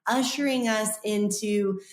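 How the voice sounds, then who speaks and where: A woman in her thirties tells a personal story as a podcast guest, acting out each voice with a lively bounce. Her voice sits mid-range. The room gives it a noticeable echo. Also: mid-range voice, unhurried. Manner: animated, acts out quoted voices. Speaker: author and guest.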